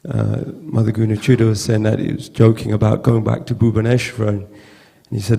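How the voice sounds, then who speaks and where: A man giving a halting, heartfelt storytelling tribute at a memorial gathering, often repeating words. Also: lowish voice, flat delivery, dark tone, in a large hall. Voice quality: gravelly. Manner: halting, repeats words, acts out quoted voices. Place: temple hall with long reverb.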